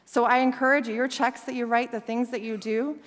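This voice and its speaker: A woman guest speaker telling a lively story, laughing often and acting out the voices of the people in it. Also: on the high side, fairly quick. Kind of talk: storytelling talk. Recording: long hall reverb.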